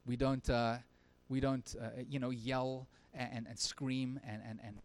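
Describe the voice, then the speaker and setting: A male pastor preaching a sermon at a church service, earnest, swinging from emphatic lines to very quiet ones. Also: mid-range voice, little pitch movement, a little slow.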